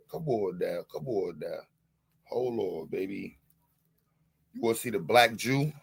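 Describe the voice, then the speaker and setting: A man's voice: medium pitch, creaky, husky. A man on a live-stream panel, boasting and taunting, leaning on the same catchphrases again and again in a heated rant.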